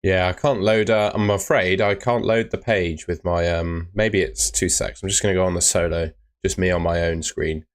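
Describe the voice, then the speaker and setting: Streamer, deep voice, easygoing chat with lots of ums, reads out chat. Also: male voice, fairly even intonation, moderate pace, few pauses. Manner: chatty, reads out viewer comments with filler words. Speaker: host of a fantasy football live stream. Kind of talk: casual live-stream chat.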